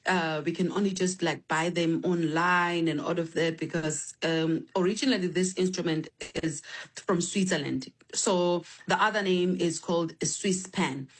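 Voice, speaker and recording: Woman, musician guest, animated storytelling, lots of ums, phone line. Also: on the low side, normal speed. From South Africa. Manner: animated, spiritual storytelling with many restarts and fillers. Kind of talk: remote interview.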